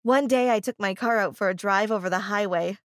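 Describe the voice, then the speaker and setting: A woman's voice: medium pitch, fairly quick, dry recording, studio quality. A woman reading a scripted first-person story in an emotive, confessional way.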